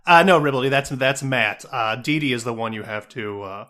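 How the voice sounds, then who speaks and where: A man co-hosting a comedy podcast, playing along in improv with a hesitant, halting way of talking. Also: mid-range voice, sharp tone. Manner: hesitant, full of filler words. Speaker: podcast co-host.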